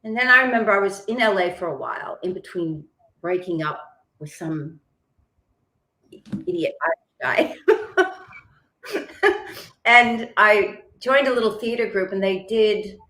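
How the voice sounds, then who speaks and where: A woman's voice: medium pitch, animated, measured pace, pauses often, bright, forceful tone. Woman songwriter on a podcast, laughy and self-mocking, roomy echo on her mic. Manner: chatty and self-deprecating, laughs often. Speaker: singer-songwriter and author, guest. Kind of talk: casual interview chat. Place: lives in Melbourne.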